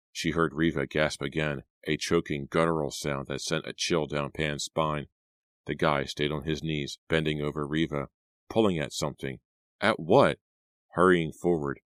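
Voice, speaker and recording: A male audiobook narrator with an extremely deep voice reads in a steady, suspenseful way. The recording is close and dry, with no room sound at all. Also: dry recording. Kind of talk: scripted narration.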